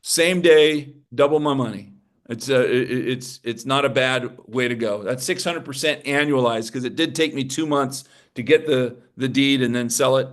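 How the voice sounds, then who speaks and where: Energetic man teaching an investor seminar. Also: mid-range voice, normal speed. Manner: energetic, emphatic, with rhetorical questions to the audience. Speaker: real estate investing instructor.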